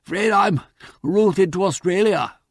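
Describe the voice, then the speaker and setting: A man voicing an apologetic aristocratic gentleman in clipped, breathless upper-class speech. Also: sits high, a little slow, no room sound, clean studio sound, pitched above the performer's own voice. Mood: breathless apology. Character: Lord Peter, male aristocrat, apologetic, stuck in bog.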